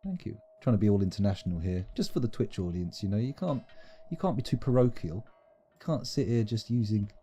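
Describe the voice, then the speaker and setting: A man's voice: fairly low pitch, dark tone, breathy edge. A man giving playful, rambling, self-mocking commentary while streaming a game live.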